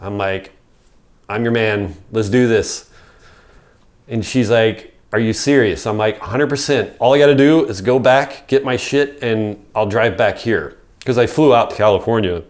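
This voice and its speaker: A man's voice: fairly low pitch, moderate pace. Chatty middle-aged man telling a story. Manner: rambling, peppered with "like" and swearing. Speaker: podcast guest. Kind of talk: casual storytelling.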